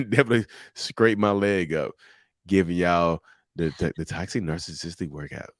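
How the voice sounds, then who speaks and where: Brief: a deep-voiced man hosting a live show, animated, chatty, jokes and laughs, dry close sound. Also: normal speed, no echo. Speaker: show host. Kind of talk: casual live talk show chat.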